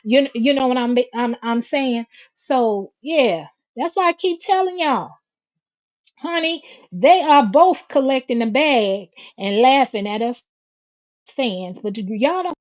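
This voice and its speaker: Woman, middle-aged, high voice, sassy drawn-out livestream chat, dull lo-fi audio. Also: lively intonation. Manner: sassy, drawn-out and chatty, says "baby" and "y'all" a lot. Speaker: livestream host reading chat. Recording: dull lo-fi home stream audio.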